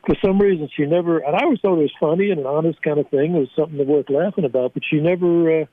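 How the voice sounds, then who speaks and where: Older male guest, rambling anecdotal delivery full of restarts, heard over a thin phone line. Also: on the high side. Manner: halting, many fillers and restarts, laughs at own stories. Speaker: guest, former team scout. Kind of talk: storytelling in a casual interview. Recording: tinny phone line, dry.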